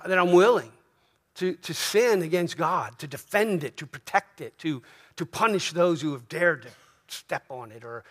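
A man's voice: a little high, a bit bright. A middle-aged man preaching a sermon in an earnest, conversational way, often asking "right?" and restarting his phrases. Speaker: pastor.

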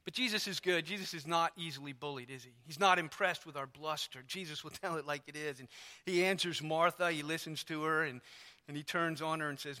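Male pastor, chatty sermon delivery, high voice with a bright edge, church setting. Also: fairly quick. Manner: conversational, storytelling, lots of asides.

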